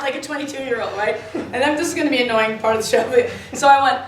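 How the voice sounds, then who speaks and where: A woman from Florida who works at the club, telling rambling, animated stories full of fillers and tangents. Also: a little high, fast talker, few pauses. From Florida, USA. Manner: animated, lots of fillers, jumps between tangents. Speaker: club worker interviewee. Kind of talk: rambling anecdotal storytelling. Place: indoors, in the club building. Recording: echoey room, distant mic, faint noise.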